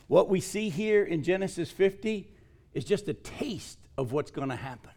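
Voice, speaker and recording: A man preaching a sermon and reading scripture aloud. He talks earnestly and gets louder and higher to stress a point. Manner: earnest, rises in pitch and volume for emphasis. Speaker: pastor.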